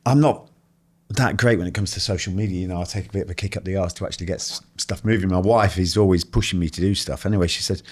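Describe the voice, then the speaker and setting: A man, a podcast guest and author, telling animated anecdotes full of swearing and acted-out quotes. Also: deep voice, quick pace. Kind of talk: casual storytelling conversation.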